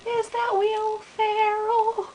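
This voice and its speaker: A woman joking through an improvised dub, silly and playful. Her voice is very high and her delivery unhurried. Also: completely flat delivery, mellow, slight background noise. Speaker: comic dubber. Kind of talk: improvised comic dubbing.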